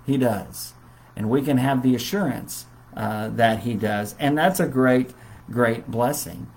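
A man preaching in a relaxed, conversational Bible study style, with many fillers. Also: medium pitch, measured pace, creaky, low-quality recording. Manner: conversational, warm storytelling with fillers.

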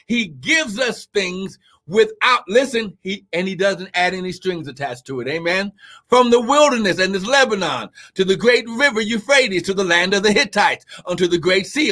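A man preaching a livestreamed sermon, reading scripture and breaking into fervent shouts, exclamations and call-and-response questions. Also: high voice, animated, normal speed. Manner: reads scripture aloud and breaks off to exhort listeners.

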